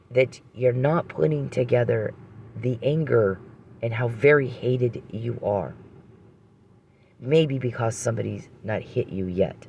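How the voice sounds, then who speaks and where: A man's voice: mid-range voice, a little slow, creaky, darkish tone, slight background noise. A man delivering an angry, accusing rant aimed straight at one person. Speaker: channel host. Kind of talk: confrontational direct-to-camera rant.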